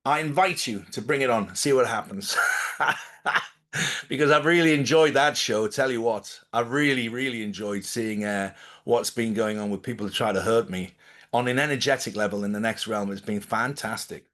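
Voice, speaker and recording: A man's voice: fairly quick, fairly bright tone. Defiant man rambling live to camera. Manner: defiant, rambling, with sudden emphatic jumps in pitch. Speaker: live stream host. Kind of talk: casual live monologue to camera. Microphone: camera mic.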